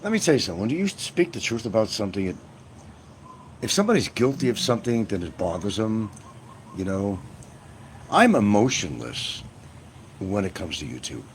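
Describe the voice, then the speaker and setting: A man's voice: lowish voice, sing-song, normal speed, pauses often. A man hosting a live stream, chatting to his viewers in a rambling, meandering way. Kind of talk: rambling casual live chat. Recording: noisy ambient background.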